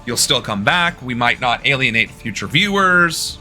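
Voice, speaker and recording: A man's voice: mid-range voice, lively intonation, moderate pace, bright, forceful tone, faint music behind. A young man chatting casually with his live-stream audience while playing a game, loose and joking. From United States. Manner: loose, joking, talking to chat. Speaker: political streamer.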